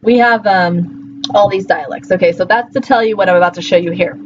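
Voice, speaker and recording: A woman's voice: medium pitch, a little fast. Woman lecturer, informal and chatty, slightly dull recording with faint hum. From Colorado, USA. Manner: conversational, many fillers and checks like "right?". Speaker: linguistics teacher.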